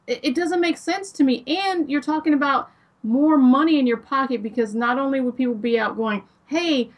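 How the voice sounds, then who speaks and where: Female podcast co-host, persuasive and talkative, distant mic. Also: high voice. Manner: opinionated, argues a point at length. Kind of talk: casual chat.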